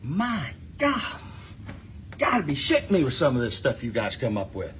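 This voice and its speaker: A man's voice: mid-range voice, wildly swooping pitch, quick pace, a little hiss or hum. A middle-aged man, ranting to his followers in a blunt, profane, mocking way, rambling and restarting as he goes. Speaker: street racer ranting on his own page. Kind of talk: casual unscripted rant.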